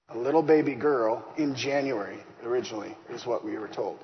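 A man giving a lively faith testimony, acting out the dialogue as he tells his story. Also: mid-range voice, brisk, few pauses. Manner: animated, acts out dialogue. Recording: long hall reverb, slightly dull, faint hiss.

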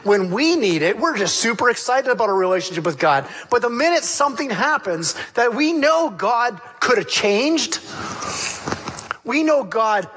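Male pastor with a high, bright, sharp voice who preaches lively and acts out scenes. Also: normal speed, slightly rough. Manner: animated storytelling, acting out the characters' lines. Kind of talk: sermon.

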